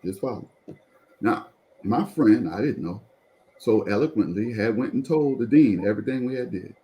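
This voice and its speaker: A pastor telling a personal testimony in conversation, animated and repeatedly drawing the listener in to follow along. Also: male voice, lowish voice, normal speed, rough recording.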